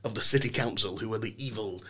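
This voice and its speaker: A man's voice: on the low side, quick pace, breathy edge. A young man from England, a podcast guest telling stories in a casual chat with a theatrical, playful manner. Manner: theatrical, animated storytelling with playful put-on voices.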